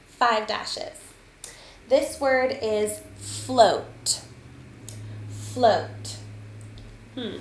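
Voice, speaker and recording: A woman teaching a spelling lesson to children, patient and deliberate, sounding out letters and counting aloud. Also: fairly high pitch. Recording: echoey room, faint ambient noise.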